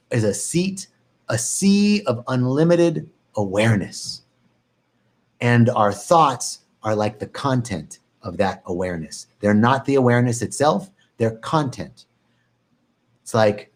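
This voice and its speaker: Man, meditation teacher on a live stream, calm and reflective, repeats phrases, playful bursts of mock worry. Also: mid-range voice, takes it slowly.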